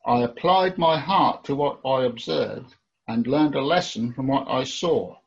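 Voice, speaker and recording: A man reading scripture in a careful, deliberate way. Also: mid-range voice, creaky, husky. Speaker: scripture reader. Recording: dull lo-fi recording.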